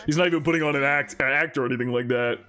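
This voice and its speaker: A man hosting an anime reaction video, chatting casually in an excitable, rambling way and laughing often. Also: medium pitch, racing, soft background music.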